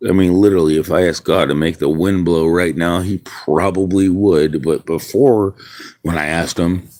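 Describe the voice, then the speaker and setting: A man's voice: low-pitched, fairly even intonation, moderate pace, darkish tone. A man streaming outdoors in the wind, musing aloud in rambling casual chat with viewers. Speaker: livestreamer.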